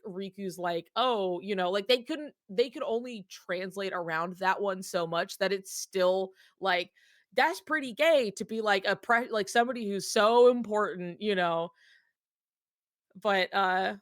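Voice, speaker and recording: On a laid-back fan podcast she co-hosts, this woman talks at normal speed in a medium pitch, animated and rambling with plenty of fillers. The studio-quality recording has no echo.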